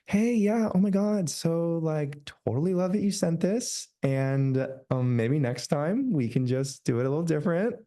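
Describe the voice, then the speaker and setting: A man's voice: fairly high pitch, expressive, normal speed, hardly any pauses, mellow, pitched above the performer's own voice, natural voice. A fake-polite customer-service voice, put on by a man, lifted well above his normal range. It is sing-song and gushing, all forced sweetness. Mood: sugary.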